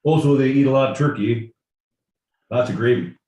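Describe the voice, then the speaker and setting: A man's voice: medium pitch, normal speed, warm tone, close to an everyday voice. Folksy hockey fan with a mock Canadian accent, a man putting it on; roomy, distant sound. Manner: folksy, tacks on "eh". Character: hockey-loving Canadian guy.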